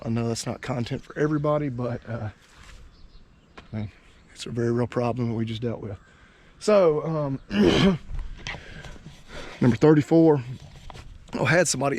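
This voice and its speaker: A man in his thirties or forties, a cattle farmer hosting his own vlog, talking in a folksy, chatty way with the odd dad joke while out of breath and tired from handling a cow outdoors. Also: medium pitch. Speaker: cattle farmer and channel host. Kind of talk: casual farm vlog talk. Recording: faint outdoor background noise.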